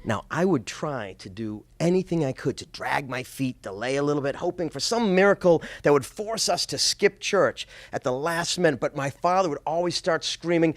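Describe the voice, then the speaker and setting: A middle-aged man from Boston telling a personal story on stage, expressive with small stammers. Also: fairly high pitch, moderate pace, dry recording.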